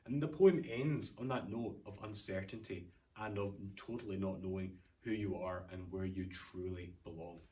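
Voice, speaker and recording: A man's voice: deep voice, moderate pace, few pauses, mellow. Scottish man explaining a poem. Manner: explanatory, walking through a poem line by line; informal, dotted with Scots words. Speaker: English teacher. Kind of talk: recorded revision lesson.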